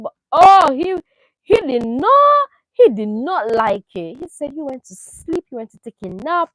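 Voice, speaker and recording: Woman chatting about a dating show, fairly high voice, opinionated and animated, dry close sound. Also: moderate pace, no echo, rough recording. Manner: animated, opinionated, rhetorical questions. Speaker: reality TV commentator. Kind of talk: casual chat.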